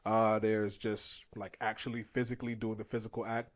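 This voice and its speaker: A man's voice: on the low side, little pitch movement, normal speed. A young man co-hosting a podcast in casual chat, talkative and laughing often, acting out bits of small talk. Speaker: podcast co-host.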